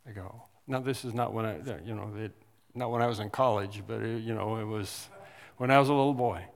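A man's voice: lowish voice, fairly even intonation, a little fast, gravelly, big-room sound. A man preaching a sermon earnestly, building to emphatic stresses and often restarting his sentences. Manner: earnest, rises to emphatic stress on key words, with frequent restarts.

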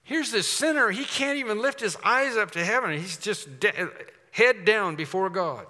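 A man delivers an emphatic sermon, his voice slightly high and bright with a forceful edge. He presses his listeners with rhetorical questions. The sound carries a long reverb from a large hall. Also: animated, moderate pace. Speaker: preacher.

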